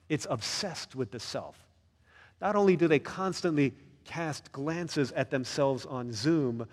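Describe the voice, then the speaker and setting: A pastor preaching a sermon in a church, conversational and animated, often asking the listeners questions. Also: male voice, a little high, long reverb tail.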